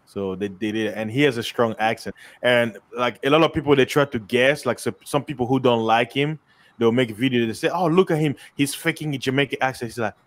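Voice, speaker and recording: A man with a mid-range voice chats casually as co-host. He tells stories with animated energy and often restarts his sentences as he goes. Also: mid-range voice, fairly quick, no room sound. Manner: animated storyteller, many fillers and restarts. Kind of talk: casual chat.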